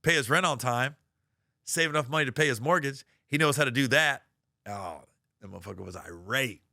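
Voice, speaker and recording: Brief: middle-aged male comedian, bright dry voice, animated storytelling. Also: medium pitch, a little fast, vocal fry, no echo. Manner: animated, profane, acts out quoted voices.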